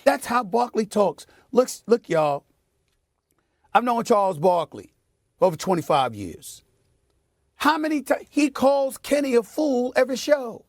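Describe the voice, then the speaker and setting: Middle-aged man, sports TV host, high and swooping voice, emphatic, repeats lines for effect, dry studio sound. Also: darkish tone, no room sound. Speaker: sports debate show host. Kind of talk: heated on-air sports commentary.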